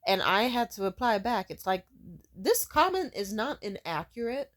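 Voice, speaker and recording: A young woman vents straight to camera in a loose, sarcastic rant. Her talk is loaded with fillers, and she mocks the comments she quotes. Her pitch sits in a middle range for a woman. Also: big pitch swings, normal speed. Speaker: video creator.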